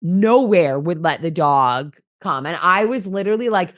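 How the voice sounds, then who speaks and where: A woman's voice: mid-range voice, unhurried, hardly any pauses, dry recording, clean studio sound. A woman co-hosting a podcast with her partner, chatting casually with many fillers. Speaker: podcast co-host, host's partner. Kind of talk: casual chat.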